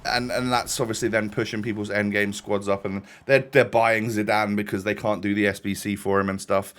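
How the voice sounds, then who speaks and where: A man's voice: on the low side, little pitch movement, fairly quick, a bit bright. A young man giving casual, rambling commentary as he plays, often breaking off and restarting his sentences. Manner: rambling, chatty, self-interrupting. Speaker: gaming YouTuber.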